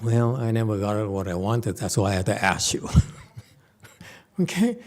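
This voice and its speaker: A man's voice: lowish voice, very animated, darkish tone. A man teaching a Buddhist sutra to a live group in a temple hall. He talks casually, stops often to check in with "okay?" and "hmm?", restarts his sentences, and makes dry jokes. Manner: halting restarts, playful asides. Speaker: Buddhist master giving a sutra lecture. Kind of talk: conversational Dharma lecture.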